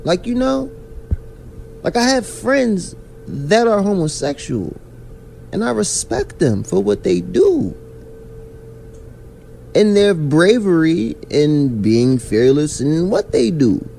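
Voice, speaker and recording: A man's voice: high-pitched, takes it slowly, gravelly, pauses often, faint music behind. A man hosting a podcast, ranting in casual chat full of slang. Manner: animated, ranting, heavy slang. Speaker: podcast host.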